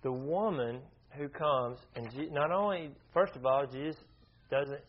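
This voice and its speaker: A man's voice: medium pitch, unhurried. A man leading an informal Bible study, talking conversationally, often restarting his sentences and asking the group questions. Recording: dull lo-fi recording.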